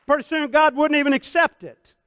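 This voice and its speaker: A man in his sixties preaching a sermon as pastor, folksy and fervent, swinging from hushed talk to shouts. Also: very high voice, brisk, no room sound, a faint crowd. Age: 60s.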